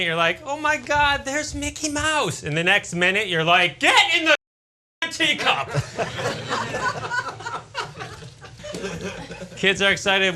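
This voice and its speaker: A man's voice: a little high, bright, forceful tone, a little hiss or hum. A man in his forties doing a stand-up comedy routine with punchy joke delivery.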